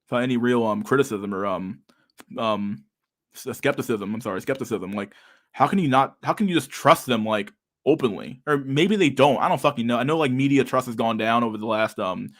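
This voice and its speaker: A young man hosting a casual livestream chat, talking in a profane, slangy and sarcastic way, often laughing. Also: medium pitch. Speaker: livestream host.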